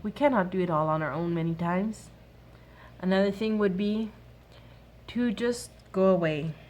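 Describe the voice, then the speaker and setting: A woman in her thirties giving an earnest, soft-spoken faith-based advice talk to other mothers. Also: medium pitch, moderate pace. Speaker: mom sharing a workshop talk.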